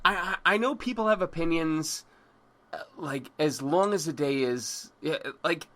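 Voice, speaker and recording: A man's voice: a little high, unhurried, very noisy. A man hosting a podcast over a phone call, joking loosely with his guest, often stammering and restarting his sentences, with the odd swear. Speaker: podcast host. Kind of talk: casual interview hosting.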